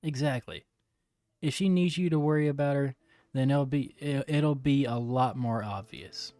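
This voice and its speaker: A man's voice: medium pitch, moderate pace, warm tone, no room sound, natural voice. A man voicing a prickly teen girl, reading her lines in a huffy, bratty way. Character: prickly teen girl, snappish but shy.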